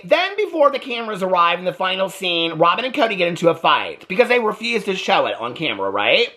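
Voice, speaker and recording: A man's voice: sits high, big pitch swings, quick pace, few pauses, sharp tone. A man giving blunt, exasperated casual commentary as a TV recap vlogger.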